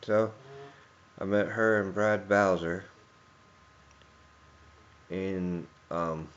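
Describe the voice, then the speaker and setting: A man's voice: low voice, fairly even intonation, drawn-out words, highs cut off, slight background noise. A man giving a personal tribute speech, rambling through anecdotes and chuckling often.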